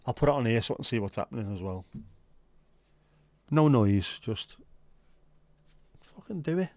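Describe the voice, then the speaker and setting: A man's voice: lowish voice, normal speed, darkish tone, no room sound. Chatty male livestream host, dry sound. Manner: chatty banter, swears freely. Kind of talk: casual chat with live viewers.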